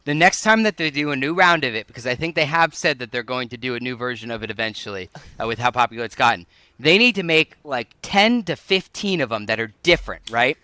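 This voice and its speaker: A man chatting casually on a podcast, animated and often laughing. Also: mid-range voice, fast, clean tone. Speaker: podcast co-host.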